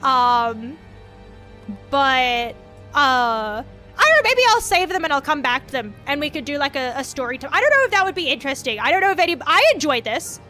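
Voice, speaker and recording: A woman with an Australian accent chats loosely on a live stream, her voice high and bright. She rambles and trips over her own sentences, restarting often and swearing casually. Faint music plays behind her. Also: big pitch swings. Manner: rambling, halting, with frequent restarts. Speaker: VTuber streamer.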